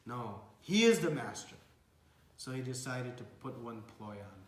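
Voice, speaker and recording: Animated male devotional storyteller. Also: mid-range voice, moderate pace, roomy sound, a little hiss or hum. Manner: animated storytelling, acts out characters. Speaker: devotional speaker. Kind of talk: sermon storytelling.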